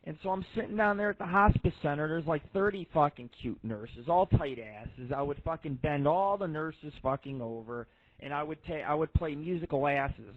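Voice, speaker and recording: A man's voice: on the high side, no room sound. Crude rambling man on a tinny line. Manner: crude, swears constantly, rambling. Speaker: radio show host. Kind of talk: rambling profane storytelling.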